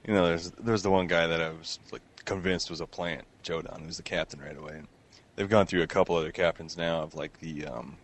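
Low-voiced man rambling in casual chat. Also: steady tone, brisk. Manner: rambling, laughing, filler-heavy.

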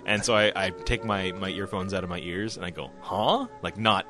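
A man's voice: sits low, a little fast, over music. A man co-hosting a casual podcast, telling a story with lots of swearing and acted-out quotes. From Canada. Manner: animated storyteller, swears freely, acts out quotes. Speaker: podcast co-host. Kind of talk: casual chat.

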